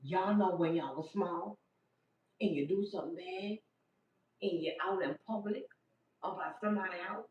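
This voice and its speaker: A woman's voice: lowish voice, moderate pace, pauses often. A grandmother, telling family stories casually to her livestream viewers and acting out their voices as she goes. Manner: animated, acts out family voices, laughs often. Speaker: livestream host. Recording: roomy, distant, slightly dull phone audio.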